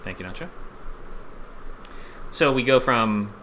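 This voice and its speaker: A man's voice: mid-range voice, animated, takes it slowly, pushed and bright, a little hiss or hum. A man hosting a live-streamed online screenwriting class, upbeat and chatty and laughing often.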